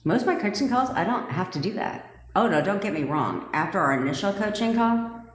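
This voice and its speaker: A woman's voice: medium pitch, animated, a little fast. A woman manifestation coach talking casually on a livestream, blunt and profane and laughing often. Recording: echoey room with long reverb.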